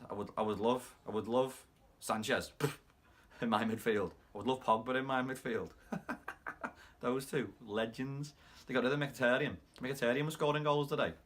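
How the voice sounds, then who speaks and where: A man with a Scouse accent hosting a football fan channel, recapping a match with animated, rapid play-by-play commentary. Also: mid-range voice.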